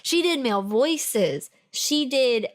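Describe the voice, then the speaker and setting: Playful higher-voiced woman podcast co-host. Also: lively intonation, takes it slowly. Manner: playful, jokey banter. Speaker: podcast co-host reviewing audiobooks. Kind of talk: casual chat.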